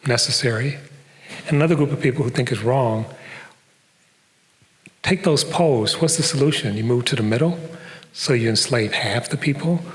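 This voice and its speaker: Older man lecturing in a reverberant hall. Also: medium pitch. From Detroit, USA. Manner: conversational, with fillers and asides. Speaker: professor giving a public talk. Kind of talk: lecture to a live audience. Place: performing arts center stage.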